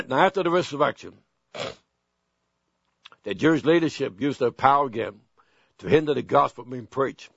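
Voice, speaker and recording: A man preaching a sermon in a deliberate, emphatic way, asking the congregation pointed questions. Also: medium pitch, lively intonation, creaky, a bit bright, husky, no room sound. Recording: dull, dry lo-fi sound.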